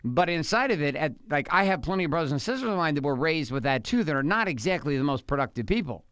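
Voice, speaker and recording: A man's voice: a little high, sing-song, quick pace, a bit bright, smooth, no echo, clean studio sound. A middle-aged man co-hosting a podcast, talking casually and emphatically with his wife, repeating his points. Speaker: podcast co-host.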